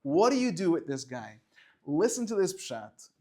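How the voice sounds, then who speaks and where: A man teaching a lively Torah class to students, firing rhetorical questions and dropping to quiet explanation. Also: on the high side, normal speed. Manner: animated, swings between loud questions and quiet explaining, chats with students.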